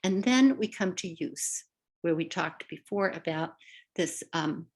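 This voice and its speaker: A woman's voice: fairly low pitch, lively intonation, unhurried, husky. An older woman, a literacy educator, giving a webinar lesson over a video call, chatty and checking in with her listeners often. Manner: conversational, checks in with "right?" and "all right". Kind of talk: webinar teaching presentation.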